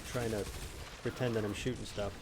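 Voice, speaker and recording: A man's voice: on the low side, fairly even intonation, a little fast, background noise. Rambling man streaming a shooter game. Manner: rambling, jokey, shouts in bursts when mocking. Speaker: gaming streamer. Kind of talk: casual live-stream chat while playing. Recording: game gunfire audible in background. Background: game gunfire and explosions.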